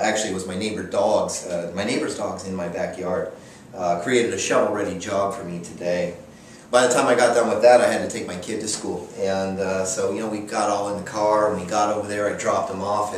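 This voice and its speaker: A man telling a comic story in a vlog, in an exasperated voice with deadpan sarcasm. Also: low voice, slight background noise. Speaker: vlogger. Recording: echoey room, distant mic, faint ambience.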